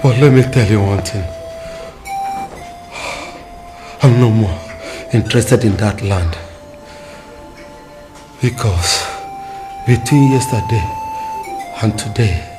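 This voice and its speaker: A man's voice: medium pitch, natural voice. A man playing a dying Nigerian father. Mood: solemn. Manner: slow, solemn, halting phrases. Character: dying father, older man, grave and gentle. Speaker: actor in a film drama. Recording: film soundtrack with loud background music.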